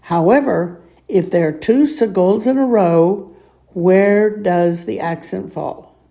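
Slow, patient woman teaching reading. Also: mid-range voice, dark tone. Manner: patient, clears throat often, sounds words out slowly. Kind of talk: slow reading lesson with repeat-after-me drills.

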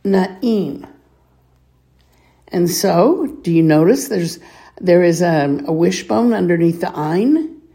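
A woman's voice: lowish voice, lively intonation, mellow. A woman teaching a reading lesson, patiently sounding out words and asking the listener to repeat them. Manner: patient, clears throat often, sounds words out slowly. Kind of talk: slow reading lesson with repeat-after-me drills.

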